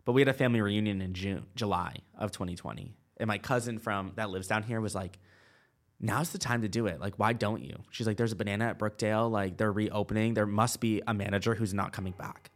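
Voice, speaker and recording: Fairly quick and steady in tone, a man with a fairly low pitch speaks as a guest. In his twenties, he relates a long personal story in casual chat, full of "like" and reenacted dialogue.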